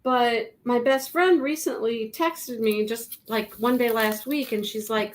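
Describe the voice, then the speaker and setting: Casual co-host: woman, high voice, lively storyteller who laughs a lot. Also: measured pace, few pauses. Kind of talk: casual chat.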